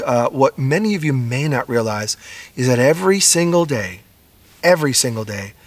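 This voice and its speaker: A middle-aged man preaching a sermon as pastor, earnest and conversational, acting out quotes with animated shifts. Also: medium pitch.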